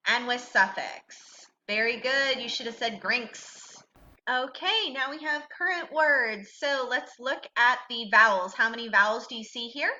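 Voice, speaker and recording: A woman's voice: a little high, unhurried, sharp tone, highs cut off. A woman teaching a recorded reading lesson to a child, patient and encouraging, asking questions and then answering them herself.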